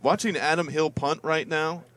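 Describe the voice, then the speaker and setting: A man giving relaxed color commentary on a football game with dry, joking asides. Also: fairly high pitch, normal speed. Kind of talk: live sports webcast commentary.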